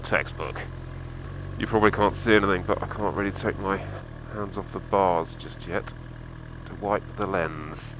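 A man's voice: deep voice, fairly even intonation, normal speed, noisy background. A man recording a casual video diary while riding a motorbike through snow, giving a running commentary full of swearing and exasperation. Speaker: motorcycle vlogger.

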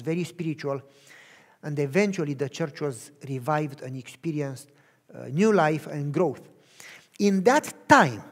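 A man preaches a sermon and tells his own story with earnest conviction. He speaks in short, measured phrases. His voice sits high for a man. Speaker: pastor. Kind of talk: sermon testimony.

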